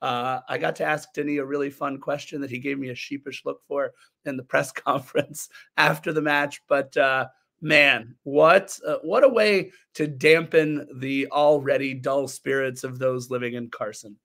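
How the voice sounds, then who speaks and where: A man co-hosting a casual soccer podcast, his voice hoarse from cheering, telling stories in an animated, rambling way. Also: medium pitch, normal speed. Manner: rambling, animated storytelling with restarts. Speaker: podcast co-host. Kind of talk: casual sports podcast chat.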